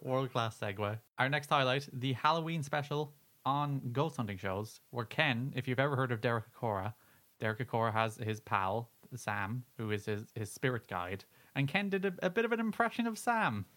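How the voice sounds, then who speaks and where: A male podcast co-host in loose, joking conversation. His voice sits at a middle pitch, and he often breaks into laughter or drops into mock-serious asides. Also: moderate pace, fairly bright tone. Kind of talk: casual podcast banter.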